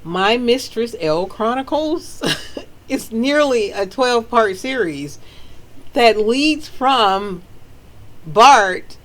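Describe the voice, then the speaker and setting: Slow-talking Southern woman, sassy. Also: on the high side, poor audio. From Southern United States. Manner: sassy, animated, laughs often. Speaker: author. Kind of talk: casual storytelling.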